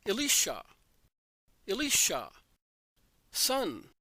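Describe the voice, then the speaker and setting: A man's voice: on the high side, lively intonation, slow pace, a bit bright, dry recording, exaggerated voice. Old grieving father in a spoken storybook, tearful and begging, read by a man. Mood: anguished. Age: older. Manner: pleading, tearful and urgent.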